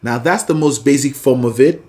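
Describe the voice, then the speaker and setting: A singing teacher with a medium-pitched, dark-toned voice speaks at a normal pace during a vocal lesson. Between explanations, they encourage the learner and sing short example phrases.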